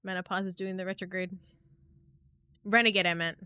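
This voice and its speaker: A woman's voice: medium pitch, steady tone, brisk, sharp tone, clean tone, no room sound. A young woman live streamer chatting casually with her viewers, rambling and giggling, swearing now and then.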